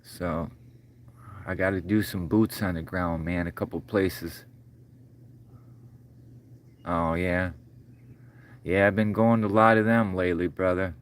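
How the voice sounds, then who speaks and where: A man's voice: low voice, fairly even intonation, a little slow, pauses often. A middle-aged man hosting a casual livestream, rambling in a folksy way, choked up and calling viewers brother and sir. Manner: choked up, voice breaking. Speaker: livestream host.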